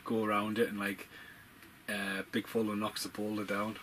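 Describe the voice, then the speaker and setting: A man giving casual, profane, rambling commentary over a film, getting excitable as he talks. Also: fairly low pitch, moderate pace, a little hiss or hum, low-quality recording.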